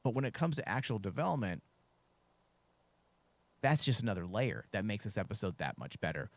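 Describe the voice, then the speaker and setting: Lower-voiced man, frank podcast co-host. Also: expressive, brisk, creaky, no echo. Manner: frank, opinionated, with crude jokes. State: losing his voice. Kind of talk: casual podcast discussion.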